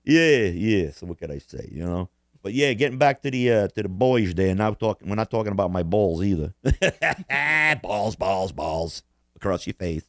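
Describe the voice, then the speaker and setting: A man's voice: on the low side, animated, normal speed, no echo, clean studio sound. A man co-hosting a casual podcast chat, profane and boastful, laughing often at his own stories. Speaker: podcast co-host.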